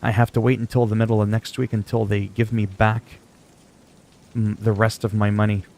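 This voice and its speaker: A man's voice: lowish voice, little pitch movement, moderate pace, creaky, darkish tone. A man from Canada chatting casually on a gaming livestream, joking and rambling while he answers chat.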